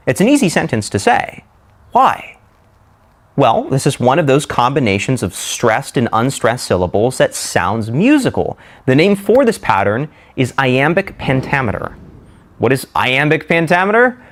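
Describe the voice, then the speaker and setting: A man narrating a speaking lesson, slowly demonstrating word stress and rhythm. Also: mid-range voice. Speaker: speaking coach. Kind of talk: scripted instructional narration.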